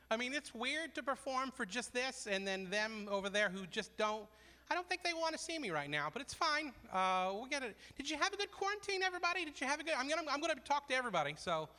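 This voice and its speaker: A man's voice: high-pitched, bright, forceful tone, long reverb tail. A man in his forties doing self-deprecating stand-up comedy at a charity fundraiser, rambling through asides. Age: 40s.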